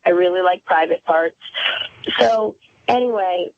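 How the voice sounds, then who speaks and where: A woman's voice: lowish voice, unhurried, darkish tone, no echo. A woman calling in to a radio interview, telling stories in a chatty, self-deprecating way over the phone. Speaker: phone-in guest. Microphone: telephone. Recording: tinny phone line on radio.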